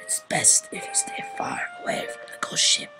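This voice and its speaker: Whispered role-play: woman as a fussy, grumbling old grandpa, breathy whisper. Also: very high-pitched, wildly swooping pitch, moderate pace, pitched above the performer's own voice, exaggerated voice, low-quality recording. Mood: grave. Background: game music.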